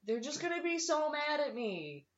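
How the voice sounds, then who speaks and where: A woman chats as a podcast co-host, excitable and dramatic, her fairly high voice swooping all over. The recording is dull and echoes around the room. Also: moderate pace. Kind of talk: casual chat.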